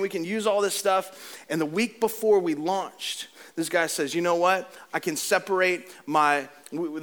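A pastor delivers a sermon, animated and sometimes joking, before shifting into a low, earnest tone to relate a story from his church.

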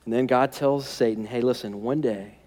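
A man's voice: mid-range voice, moderate pace, a little mellow. A man preaching a sermon as pastor, conversational and humorous, often checking in with "right?".

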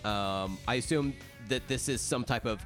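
Dry, sarcastic podcast co-host. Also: male voice, medium pitch, normal speed, fairly bright tone, soft background music. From Oklahoma. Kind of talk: casual chat.

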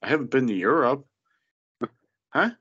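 A man in casual political chat, mocking and profane, with animated impressions. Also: mid-range voice, moderate pace, breathy edge. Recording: dull lo-fi sound.

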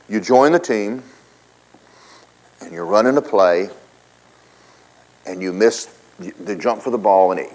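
A man preaching a sermon as a pastor, with an animated, joking way of talking. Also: sits low, poor audio.

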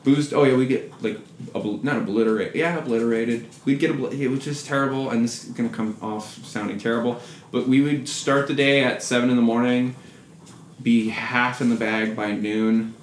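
A man's voice: mid-range voice, fairly even intonation, normal speed. A man casually telling a profane, self-deprecating story, now and then mimicking people's voices. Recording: echoey room with faint noise.

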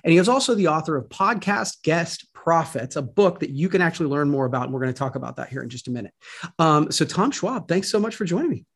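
Man, slightly higher voice, husky, podcast host, meandering questions. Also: lively intonation, quick pace, fairly bright tone. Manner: rambling questions with many restarts. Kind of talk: interview hosting.

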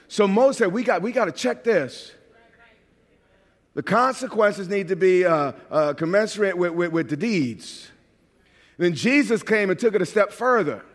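A man from New York preaching a sermon as a pastor, animated and at times shouting. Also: high voice, normal speed, big-room sound.

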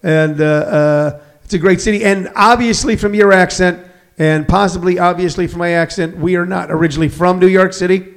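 A man's voice: high-pitched, fairly even intonation, brisk. A man hosting a call-in radio show, a former touring comedian, chatty, laughing easily, and using many fillers. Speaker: radio host, former stand-up. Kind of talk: casual radio interview.

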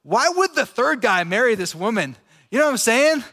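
A man with a high voice delivers a loose, conversational sermon, chatty and quick to laugh. His words ring out with a long reverb, as if in a big hall with an audience. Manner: relaxed, chatty, laughs easily. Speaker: preacher. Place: large room with an audience.

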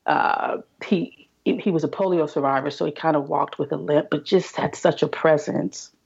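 A woman guest on a podcast, telling her story in a halting way, restarting and repeating words. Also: low-pitched, fairly even intonation, vocal fry, darkish tone, husky, lo-fi sound. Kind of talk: casual interview storytelling.

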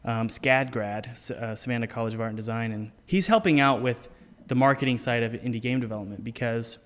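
A man hosting a relaxed podcast conversation, talking earnestly and leaning on key words as he gives advice. His voice sits at an ordinary middle pitch, and a long hall-like reverb trails after each phrase. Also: a little fast. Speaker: podcast host and indie game developer. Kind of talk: casual interview chat.

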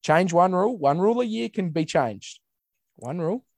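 A man's voice: high voice, lively intonation, moderate pace, vocal fry, darkish tone, dry recording, clean studio sound. An Australian man in casual podcast chat, ranting bluntly with swearing and mimicking others. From Western Australia.

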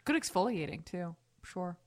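A woman hosting a casual tech podcast, playful and quick to laugh. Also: lowish voice, sing-song. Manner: giggly, playful. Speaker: podcast host.

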